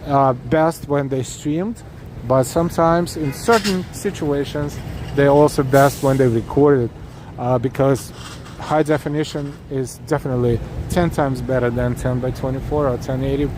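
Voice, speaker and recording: A man's voice: mid-range voice, fairly even intonation, normal speed. A man hosting a live walking tour stream, talking casually and effusively to viewers with lots of restarts and fillers while he walks. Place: city streets outdoors at night. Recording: noisy outdoor street recording. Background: street traffic noise.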